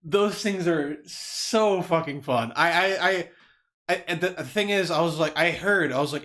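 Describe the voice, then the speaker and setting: A man co-hosting a casual comedy podcast, animated and swearing, often laughing and tripping over his words. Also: on the high side, normal speed. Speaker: podcast co-host.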